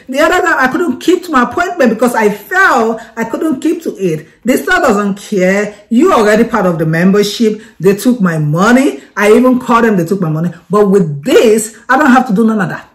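A woman doing an excited product unboxing review, chatty and repetitive, often repeating herself. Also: medium pitch, normal speed, few pauses.

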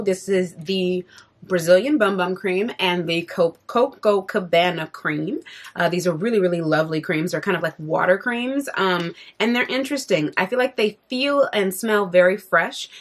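A young woman chatting her way through a beauty box review, animated and jumping up in pitch to stress things. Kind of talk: casual product review.

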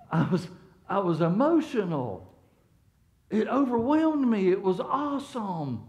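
A man's voice: high-pitched, sing-song, slow pace, long pauses, darkish tone. A middle-aged man, preaching as a pastor in a church. He speaks conversationally, restarts and repeats words, and asks the congregation questions. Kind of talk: sermon. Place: church sanctuary.

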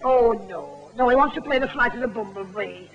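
A man's voice: very high-pitched, fairly quick, vocal fry. A man from England with a Lancashire accent, performing a music hall puppet sketch in a fussy, coaxing manner. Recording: dull, faintly noisy 1950 film soundtrack.

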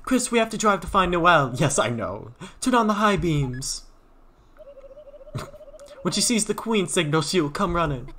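A man voicing a haughty, theatrical queen with a slow, posh, drawn-out delivery. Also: high voice, very animated, bright, forceful tone, slight background noise, pitched above the performer's own voice, heavily acted. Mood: regal, haughty.

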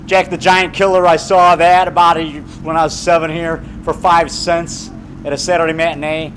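Excitable middle-aged man vlogging outdoors. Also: a little high, normal speed, slight background noise. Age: 50s. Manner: excitable, rambling, calls viewer brother and man. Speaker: filmmaker vlogging. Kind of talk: rambling outdoor vlog. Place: outdoors on a town street.

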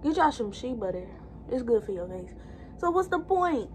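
High-voiced woman chatting while getting ready. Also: sing-song, fast talker, a little mellow. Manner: rambling and chatty, talking straight to viewers. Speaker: vlogger. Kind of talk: casual get-ready-with-me chat.

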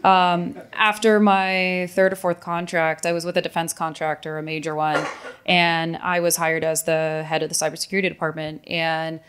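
A woman's voice: sits low, flat delivery, moderate pace, a bit bright, clear, resonant tone. A woman on a conference panel, telling her story candidly and acting out what people said to her. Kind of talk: panel discussion. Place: conference room.

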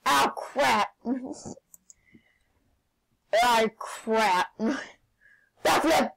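A woman playing a video game and commenting as she goes, excitable, often shouting and laughing. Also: fairly high pitch, takes it slowly, pauses often, background noise. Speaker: gaming channel host.

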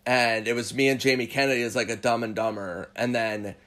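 A man's voice: medium pitch, little pitch movement, fairly quick, fairly bright tone. A comedian guest chatting casually on a podcast, laid-back and swearing often, sometimes doing funny voices for people in his stories. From Minnesota.

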